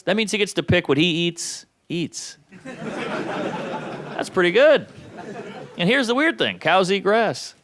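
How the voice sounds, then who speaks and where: A man in his thirties performing a stand-up comedy set with dark, deadpan punchlines. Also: high-pitched. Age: 30s. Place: comedy stage before an audience. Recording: live show with crowd laughter.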